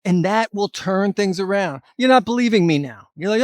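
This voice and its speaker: A man's voice: high-pitched, lively intonation, normal speed, no room sound, studio quality. A middle-aged man giving a blunt, emphatic motivational talk to camera as a fitness vlogger, with some mild cursing.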